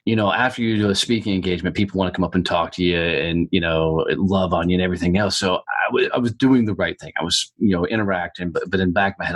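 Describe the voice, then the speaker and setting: A man's voice: low voice, fast, breathy edge, no echo. A middle-aged man from the United States telling his story as a podcast guest, blunt and heavy on swearing. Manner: profane, blunt and animated storyteller. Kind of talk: storytelling in an interview.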